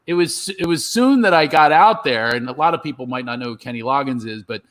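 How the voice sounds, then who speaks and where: A man telling a lively comedy anecdote on a video call, acting out other people's voices as he goes. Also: mid-range voice, a little fast. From Philadelphia. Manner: animated storyteller, acts out voices. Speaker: comedian guest. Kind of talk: storytelling chat.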